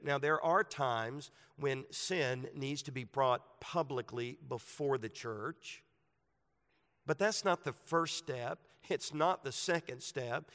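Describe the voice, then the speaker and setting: A man's voice: mid-range voice, a bit bright. A man who is a pastor, preaching a sermon in a conversational way that turns emphatic at points. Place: church sanctuary. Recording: long reverb of a large hall.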